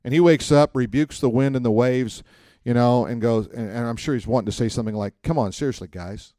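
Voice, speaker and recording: Guy pastor teaching a class, chatty and animated, acts out little quotes, middle pitch, dry close sound. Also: a little fast, no room sound. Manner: animated storytelling, acts out quotes, asks the room questions. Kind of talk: conversational sermon.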